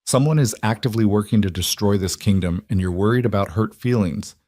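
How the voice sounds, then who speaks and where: An icy queen who commands rather than asks, as a low-voiced male narrator puts her on. The voice stays deep and steady, clipped and cold. The sound is dry and close. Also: a little fast, dry recording, lightly acted. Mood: cold, commanding. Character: cold, ruthless queen ruling alone.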